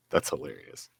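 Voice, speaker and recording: A man hosting an interview, chatty and joking with his guest. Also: no room sound. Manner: chatty, joking asides, quick laughs. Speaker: interview host. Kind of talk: casual interview.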